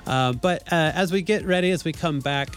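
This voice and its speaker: Halting radio host, um and uh. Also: male voice, a little high, faint music behind. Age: 40s. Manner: warm, halting, many fillers. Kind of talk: casual community radio chat.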